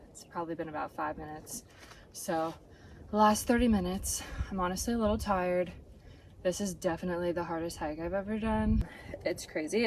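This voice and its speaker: A young woman talks to camera while hiking outdoors on a mountain trail, her vlog narration chatty, upbeat and winded. Her voice is on the low side and a little mellow; music runs under it, along with slight background noise.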